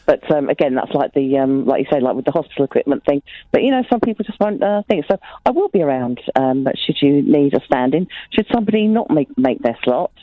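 Woman phoning into a radio show, fast and chatty, muffled line, dry. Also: sits low, expressive, no room sound. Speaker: caller. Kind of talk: phone-in call. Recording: dull phone line.

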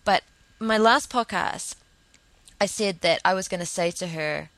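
A woman's voice: on the low side, a little slow, a bit bright, no room sound, low-quality recording. Earnest young woman rambling, dry sound. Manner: rambling and earnest, with many fillers and restarts. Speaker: podcast host. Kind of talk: casual reflective monologue.

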